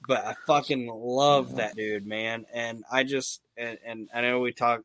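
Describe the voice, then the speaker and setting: A man hosting a wrestling podcast, chatting casually, swearing a lot and rambling excitedly with many restarts. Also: medium pitch, measured pace, a little hiss or hum. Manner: profane, enthusiastic, rambling with restarts. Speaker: podcast host.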